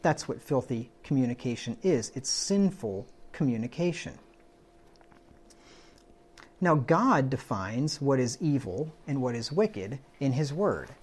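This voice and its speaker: A man's voice: medium pitch, expressive, measured pace, darkish tone, husky. Conversational preacher man teaching scripture. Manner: conversational, quotes scripture, asks the room "right?". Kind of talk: Bible-study sermon.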